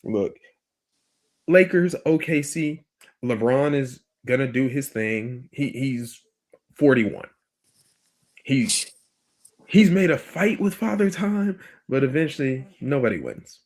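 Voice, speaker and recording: A man's voice: medium pitch, animated, slow pace, pauses often, darkish tone. A man hosting a podcast, talking bluntly in casual opinion chat and swearing freely. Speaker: podcast host.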